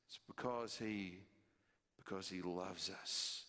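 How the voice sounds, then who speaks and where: Emphatic preacher in a reverberant hall. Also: male voice, steady tone, measured pace, pushed and bright. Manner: emphatic, repeating key phrases and building in pitch and volume. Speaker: pastor. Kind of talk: sermon.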